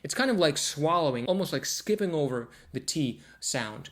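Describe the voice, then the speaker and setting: A man teaching a pronunciation lesson to camera, explaining step by step and repeating example words slowly to demonstrate sounds. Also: a little high, lively intonation, a bit bright.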